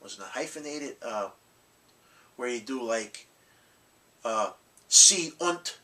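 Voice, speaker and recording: Blunt, rambling man with a bright voice. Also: mid-range voice, animated, slow, recorded from a distance, low-quality recording. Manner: blunt, rambling, with frequent restarts and mild cursing. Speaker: collectibles channel host. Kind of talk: casual rambling vlog talk.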